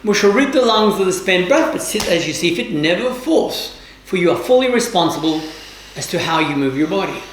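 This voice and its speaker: A woman yoga teacher giving calm, measured instructions with formal, old-fashioned phrasing during a guided class. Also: lowish voice, slight background noise. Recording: roomy, echoey room.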